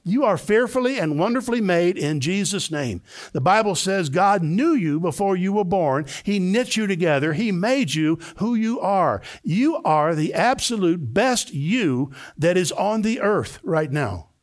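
An older male pastor delivers a sermon from a church sanctuary, his voice sitting a touch high for a man. He preaches with emphasis and often lifts into high, excited bursts. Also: measured pace.

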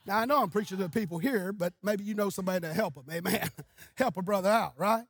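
A male pastor preaching a sermon, telling stories and building up to shouted exhortation. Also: sits high, quick pace, breathy edge, no room sound. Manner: storytelling, rising to shouting.

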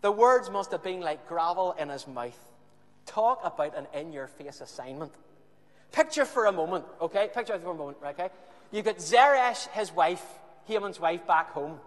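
Brief: high-voiced male preacher, lively storyteller, echoey hall sound. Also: moderate pace. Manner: animated storytelling, emphatic repetition. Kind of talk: sermon.

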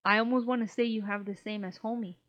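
This woman's mid-range voice moves at a quick pace as she co-hosts a podcast, recounting a story in easygoing chat. She swears without restraint and animatedly plays out what others said, all captured in dull lo-fi sound.

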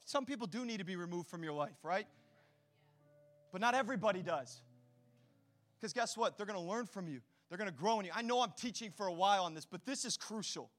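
A male pastor preaching a lively sermon with a very high, bright, forceful voice. He talks straight to the congregation with easy slang. His delivery is energetic and direct throughout. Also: fairly quick. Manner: casual slang mixed into preaching.

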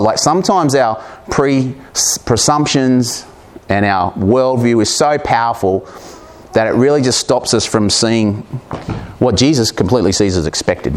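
A man's voice: lowish voice, expressive, normal speed. Conversational male preacher reading scripture. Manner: conversational and humorous, breaking into readings with asides. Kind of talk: sermon reading and explaining scripture.

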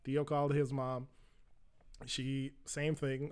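A young man tells a story from his own life in a loose, conversational style. His voice sits a bit high for a man, and he often stops on filler words. He jumps into the voices of the people in his story as he tells it. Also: unhurried, fairly bright tone. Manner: conversational, lots of "like" fillers, acts out quoted voices. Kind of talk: casual personal storytelling.

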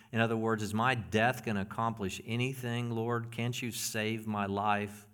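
A man preaching a sermon as pastor, earnest and often hushed, building into emphatic passages. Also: lowish voice, steady tone, normal speed, hardly any pauses, clean tone.

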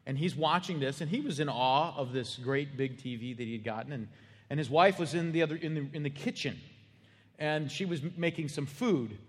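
A man's voice: on the high side, a little fast, big-room sound. A man preaching a sermon as pastor, telling stories in a plain, earnest, conversational way.

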